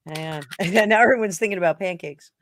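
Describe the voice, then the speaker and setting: A woman's voice: lowish voice, quick pace, fairly bright tone, slight background noise. A woman from New Jersey co-hosting a tarot show in casual, joking chat, laughing often. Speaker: tarot reader co-host.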